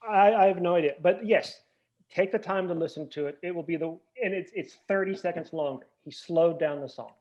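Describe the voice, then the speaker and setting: A man guesting on a casual podcast chat, ranting in a mock-indignant, animated way. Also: sits high, fairly quick. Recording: dull lo-fi sound.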